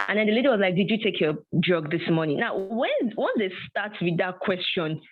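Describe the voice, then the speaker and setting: A woman telling a personal testimony in an animated way, acting out dialogue and often laughing. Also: medium pitch. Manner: animated storytelling with frequent laughs and quoted dialogue. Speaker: guest sharing a personal testimony. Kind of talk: storytelling testimony. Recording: tinny phone-like audio.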